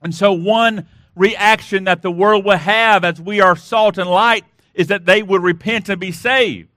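A man's voice: high voice, steady tone, a little slow, pushed and bright, no echo, studio quality. A man preaching a sermon as pastor, emphatic, asking rhetorical questions and repeatedly urging listeners to listen.

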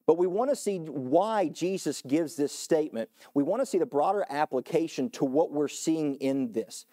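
A man preaching a sermon as pastor, earnest, climbing to emphatic high points and falling back low, often repeating and restarting words. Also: animated, moderate pace, warm tone. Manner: earnest, rising to emphatic peaks then dropping low.

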